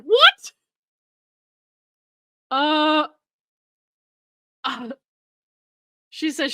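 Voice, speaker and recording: A woman's voice: fairly high pitch, lively intonation, moderate pace, fairly bright tone, no echo. A woman hosting a commentary show, reading messages aloud and mocking them with sarcasm, swearing and frequent laughter. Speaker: commentary host.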